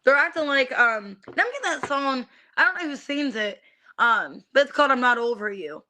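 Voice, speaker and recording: A young woman chats her way through a live tarot reading, loose and unscripted, full of ums and little asides to viewers. Her voice sits a touch high and rings bright and forward. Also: expressive, a little fast. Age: young adult. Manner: chatty, many fillers, greets viewers by name. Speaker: tarot reader streaming live. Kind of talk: casual live-stream chat.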